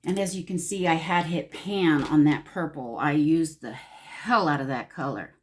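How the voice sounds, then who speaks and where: Woman, somewhat low voice, casual makeup tutorial chat, gushing, talks to herself. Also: normal speed. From Los Angeles, California. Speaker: beauty vlogger.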